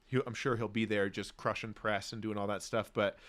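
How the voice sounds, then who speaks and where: A man's voice: fairly low pitch, flat delivery, a little fast, a bit bright. A young man from Australia, co-hosting a podcast in an upbeat, chatty way. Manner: upbeat, chatty, says "dude" a lot. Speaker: podcast co-host. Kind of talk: casual chat.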